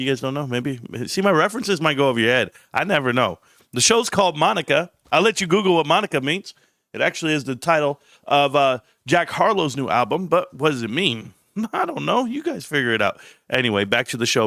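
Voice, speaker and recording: A middle-aged man with a mid-range, sharp-toned voice hosts a livestream in clean studio sound with no echo. His casual commentary is blunt and rambling, and he often breaks off mid-sentence.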